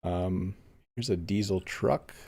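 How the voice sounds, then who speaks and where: A man's voice: low-pitched, slow pace, creaky, darkish tone, slightly rough. A man teaching English on a casual live stream, chatting easily and reading viewer comments aloud while he plays a game. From Canada.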